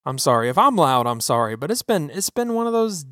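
A male podcast host on a profane political rant, his pitch swinging widely as he hammers his points home. He sounds close and dry on his microphone, with no room sound. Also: brisk, hardly any pauses, dry recording. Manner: swearing, ranting, animated and emphatic.

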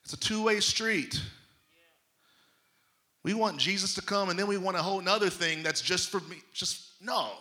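Speaking at normal speed and pausing often, a male preacher with a high voice drives his points home emphatically. His tone is very bright and cutting, yet his delivery to the congregation stays folksy and conversational, like a pastor mid-message.

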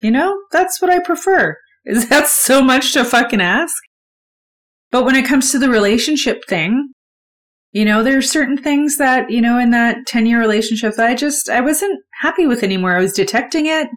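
A woman's voice: a little high, lively intonation, normal speed. A woman hosting a solo motivational podcast, talking candidly and conversationally and swearing freely. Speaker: podcast host.

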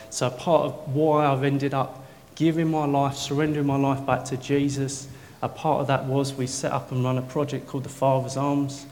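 A man preaching a sermon in a church, swinging from jokey banter to soft, intimate prayer. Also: mid-range voice, a little hiss or hum. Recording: long hall reverb, faint ambience.

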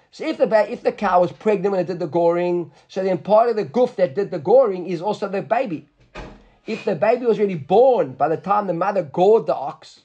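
A man's voice: sits high, a little mellow. A man teaching a Talmud lesson, explaining step by step and checking in with "right?". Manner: explains step by step, mixes Aramaic terms, asks "right?".

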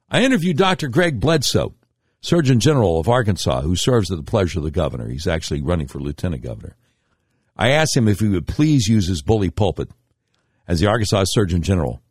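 A man's voice: husky, no room sound, studio quality. A middle-aged man hosting a radio talk show, delivering a political commentary monologue in an emphatic, indignant way. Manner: emphatic, indignant storytelling with sharp pitch swings.

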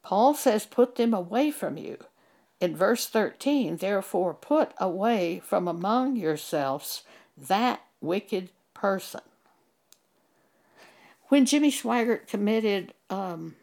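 Older lady preaching from the bible, earnest and emphatic, low-ish voice. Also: a little mellow. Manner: earnest, emphatic, quotes scripture. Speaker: Bible teacher. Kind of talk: recorded Bible teaching.

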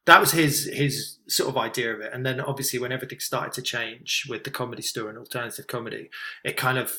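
Comedian guy, bright sharp voice, rambles, keeps saying do you know what i mean. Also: medium pitch, steady tone, quick pace. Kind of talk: casual podcast chat.

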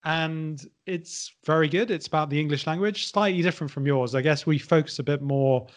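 A man's voice: fairly high pitch, brisk. A man co-hosting a casual podcast about English, asking questions and hedging with filler phrases. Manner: asks questions, hedges with "kind of". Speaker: podcast co-host and English teacher.

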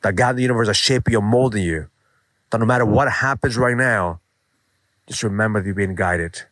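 A man in his forties gives a motivational monologue in an earnest, emphatic manner, dropping the odd swear word. His voice sits on the low side. The recording is dry and close, with no room sound. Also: fairly quick, fairly bright tone, no room sound. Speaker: motivational show host.

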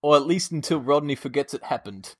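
A man's voice: on the high side, lively intonation, brisk, fairly bright tone. A man putting on a hammy South African man. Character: jolly South African man making an announcement.

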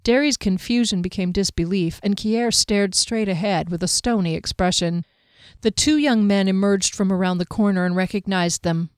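A woman's voice: mid-range voice, normal speed, smooth, no room sound, clean studio sound. Woman reading a fantasy audiobook. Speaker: audiobook narrator. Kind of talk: scripted fantasy narration.

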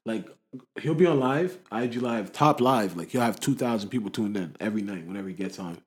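A young man from the area, telling stories in a slangy, animated way during a casual chat. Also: on the low side, fairly quick. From Toronto area, Canada.

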